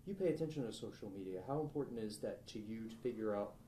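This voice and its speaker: A man's voice: fairly low pitch, lively intonation, fast talker, mellow. A male TV news reporter asking direct, probing interview questions. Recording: roomy with faint ambient noise.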